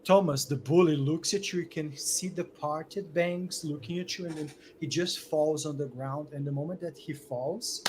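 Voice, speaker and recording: A man's voice: on the high side, moderate pace, hardly any pauses, noisy background. A man running a tabletop game as game master, setting scenes with lots of "like" and restarts.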